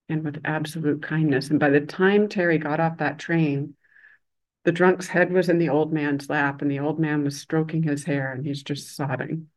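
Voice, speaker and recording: A woman meditation teacher tells a story in an unhurried, conversational way. She pauses often and lets each phrase hang before going on, keeping a gentle tone through the teaching. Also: sits low. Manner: uses a loud, bright voice for quoted speech. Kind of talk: dharma talk storytelling.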